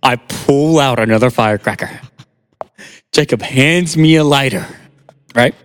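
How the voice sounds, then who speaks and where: A young man co-hosting a podcast, telling a story in casual chat, animated and laughing. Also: mid-range voice, a little slow, long reverb tail. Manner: animated, laughing, sound effects in stories. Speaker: podcast co-host.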